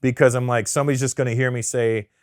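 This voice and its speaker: A man, a comedian, talking candidly in an interview, blunt and profane and quick to act out what others say. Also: medium pitch, dry recording, clean studio sound. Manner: blunt, profane, animated storyteller. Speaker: comedian guest.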